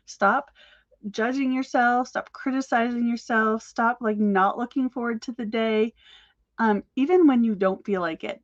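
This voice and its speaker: Upbeat woman coaching small-business owners straight to camera, rapid and encouraging, dry slightly muffled sound. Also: medium pitch, no room sound. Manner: energetic, encouraging, talks fast. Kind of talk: motivational talk to camera.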